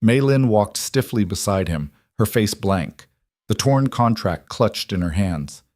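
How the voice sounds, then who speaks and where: A man narrates a western story in a calm, even storytelling voice. His voice is low. The sound is close and dry, with no room around it. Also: measured pace, no echo. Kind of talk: scripted narration.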